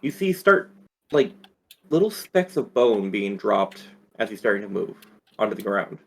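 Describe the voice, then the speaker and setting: Brief: man as game master, animated and rambling. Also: fairly low pitch, normal speed, gravelly, husky. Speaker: dungeon master. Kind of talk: narrating a tabletop game.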